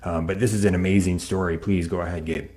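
A man hosting a religious talk show, speaking in a measured, explanatory way with occasional fillers. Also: low-pitched, fairly even intonation, a little mellow. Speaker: host.

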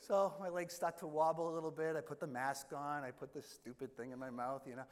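A middle-aged man, a priest, tells a self-mocking story from the pulpit. His voice sits fairly high for a man. The sound rings with the long reverb of a large hall. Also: level tone, fairly quick. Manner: self-deprecating humorous storytelling. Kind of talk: sermon storytelling.

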